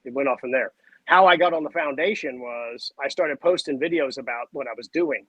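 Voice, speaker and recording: A man, a podcast guest telling stories in a casual, animated way. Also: mid-range voice, brisk, breathy edge, no room sound, highs cut off. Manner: animated, acts out voices and sounds. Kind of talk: casual storytelling chat.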